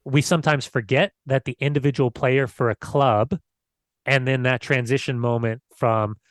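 Dude co-hosting a soccer podcast, dry close sound, casual and rambly. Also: male voice, medium pitch, dry recording. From United States. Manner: loose, conversational, searching for words. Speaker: podcast co-host. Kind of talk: casual football podcast chat.

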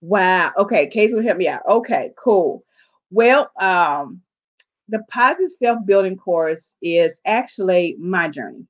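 In dull-sounding audio, a woman with a lowish voice speaks at a measured pace. She's a life coach from the southern United States telling her story in an interview, animated and acting out her own dialogue.

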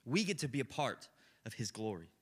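A young man preaching a sermon in a conversational, animated way, swinging between loud bursts and hushed moments. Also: mid-range voice, fairly quick, slightly rough.

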